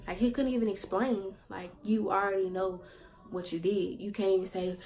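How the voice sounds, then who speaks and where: A woman vlogger telling a personal story in a candid, slangy way, halting with fillers and repeats. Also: medium pitch, creaky, noisy background. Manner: candid, slangy, sometimes swearing for emphasis; halting, with many fillers and repetitions.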